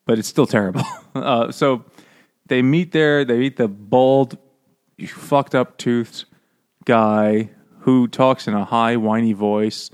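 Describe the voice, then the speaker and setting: A man's voice: medium pitch, fairly even intonation, a little mellow, smooth, no room sound, studio quality. A man co-hosting a casual podcast chat, joking and swearing freely and laughing often. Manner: profane, joking, quick to laugh. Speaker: podcast co-host.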